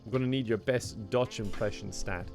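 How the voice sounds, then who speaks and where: A young Irish man chatting casually on a live game stream, reading out and thanking chat messages in a relaxed way and laughing often. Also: on the low side, normal speed, soft background music.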